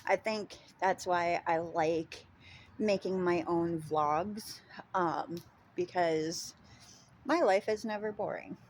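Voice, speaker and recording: A woman with a Minnesota accent talks casually to her vlog audience. She rambles at an unhurried pace in a fairly low voice, filling gaps with ums and dropping casual swear words. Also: darkish tone, a little hiss or hum. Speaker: vlogger. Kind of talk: casual chat.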